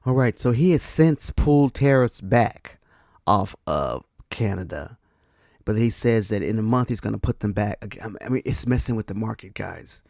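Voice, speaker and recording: A man's voice: fairly low pitch, animated, normal speed, creaky, a little mellow, no room sound, clean studio sound. A man from the United States, hosting a podcast and giving casual political commentary that keeps turning to the listener with rhetorical questions. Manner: conversational, addresses listeners as guys, asks rhetorical questions. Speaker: podcast host.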